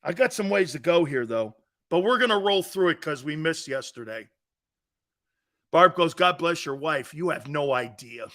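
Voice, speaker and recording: A man hosting a sports talk show, ranting and telling stories in a brash, rambling way, laughing at his own jokes and jumping into loud outbursts. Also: fairly high pitch, animated, normal speed. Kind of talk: sports talk rant with storytelling.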